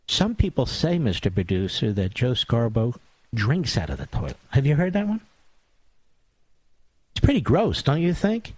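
A man's voice: medium pitch, wildly swooping pitch, normal speed, breathy edge, dry recording. A man hosting a talk radio monologue, sarcastic and mocking, with big theatrical swings in tone.

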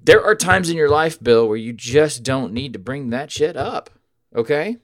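A man hosting a podcast, telling a rambling, profane story with sudden loud outbursts. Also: mid-range voice, lively intonation, normal speed, no echo, studio quality. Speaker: podcast host. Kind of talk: casual storytelling chat.

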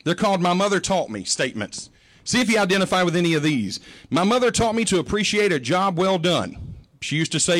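A man's voice: sits high, big pitch swings, a little fast, a bit bright. A middle-aged male pastor giving a sermon, telling humorous, folksy stories about his mother.

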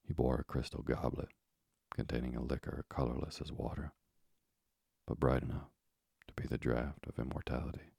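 A man narrating a bedtime sleep story in a slow, soothing, breathy whispered role-play. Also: a bass voice, flat delivery, darkish tone, dry recording, studio quality.

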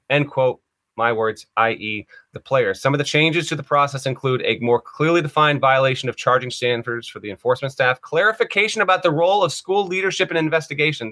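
A man's voice: mid-range voice, bright, forceful tone. A man hosting a casual sports podcast, reading statements aloud and adding dry comments of his own. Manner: reads quotes aloud then comments wryly. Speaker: podcast host.

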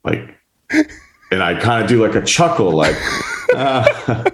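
A podcast host spins a long story in casual conversation, slowly and in a lowish voice, animatedly acting out the characters, quoting them in their own voices, and swearing without restraint. The room is echoey, with a faint hiss or hum.

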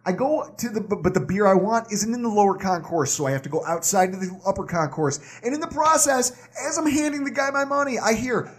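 A man co-hosting a podcast, telling a story in an animated, exasperated way. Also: high voice, fairly quick, few pauses, breathy edge. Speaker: podcast co-host.

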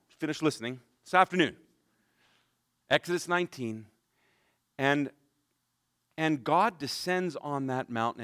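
A male pastor preaching a sermon, swinging between loud emphatic reading and hushed low speech, with conversational asides and repeated words. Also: no room sound, clean studio sound.

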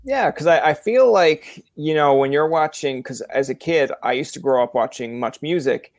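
A man's voice: fairly high pitch, normal speed, no echo. A man with a Newfoundland accent hosting a casual interview, telling rambling stories and acting out the voices of people he quotes. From Newfoundland, Canada. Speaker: podcast host.

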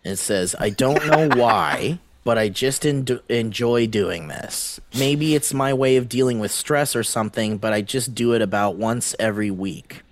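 A man co-hosting a casual comedy podcast, who laughs often and reads an online post aloud in an animated way. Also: measured pace, hardly any pauses, a little hiss or hum. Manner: animated, laughs often, pitch swings widely. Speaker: podcast co-host.

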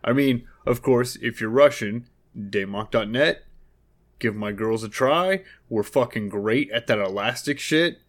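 A man's voice: medium pitch, measured pace. A man co-hosting a podcast, joking loosely and then reading off the show's outro plugs. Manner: loose, joking, then reads a plug list. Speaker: podcast co-host. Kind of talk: casual chat and outro.

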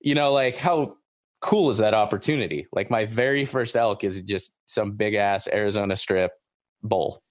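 Excitable man hosting a podcast, dry sound. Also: lowish voice, normal speed, no room sound. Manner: excitable, rambling, repeats himself. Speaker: podcast host. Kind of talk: casual chat.

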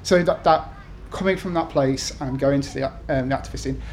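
At normal speed and medium pitch, a slightly mellow-sounding man reads his essays aloud after chatting to an event crowd with frequent ums and restarts. He's a British author in his thirties, and faint background noise can be heard.

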